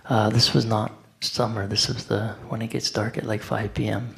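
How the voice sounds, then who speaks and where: A man with a gravelly, creaky voice tells a story in a loose, conversational way. He is animated, acting out what others said with filler words in between. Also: lowish voice, normal speed. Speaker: devotee speaker. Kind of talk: anecdotal storytelling talk.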